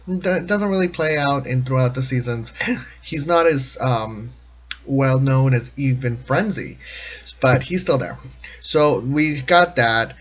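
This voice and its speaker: A man's voice: mid-range voice, muffled recording. A man giving casual, jokey commentary on a cartoon episode, rambling and often laughing mid-sentence. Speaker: show commentator.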